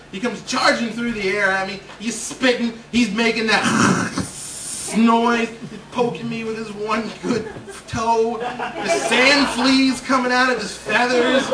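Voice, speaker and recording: High-voiced man telling a comic story. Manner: animated, building excitement. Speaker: stand-up comedian. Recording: roomy stage sound, distant mic, noisy.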